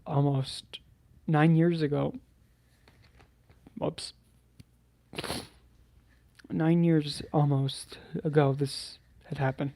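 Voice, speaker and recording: Subdued man with a flat, mellow voice. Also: fairly high pitch. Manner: halting, hesitant, with many restarts and sighs. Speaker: channel host. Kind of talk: personal storytelling to camera.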